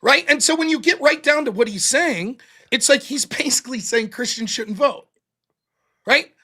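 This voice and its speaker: A man's voice: very high-pitched, normal speed, pushed and bright. A man casually recapping a debate he took part in, talking bluntly and swearing often. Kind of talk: casual post-debate chat.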